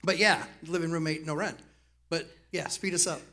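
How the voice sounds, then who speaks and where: A man, a real estate investor, talking casually on a panel with quick jokes and punchy asides. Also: on the high side, steady tone, sharp tone. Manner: fast, joking, punchy asides.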